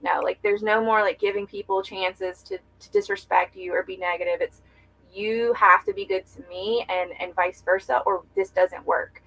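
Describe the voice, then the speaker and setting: A woman's voice: mid-range voice, fairly even intonation, normal speed, creaky, fairly bright tone, poor audio. A young woman speaking as a podcast guest, reflective and earnest, talking candidly with many filler words. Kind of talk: candid conversational interview.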